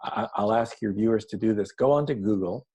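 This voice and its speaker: A man's voice: on the low side, fairly quick, warm tone, slightly rough, poor audio. A man being interviewed as an author, explaining his ideas earnestly and telling stories in a conversational way.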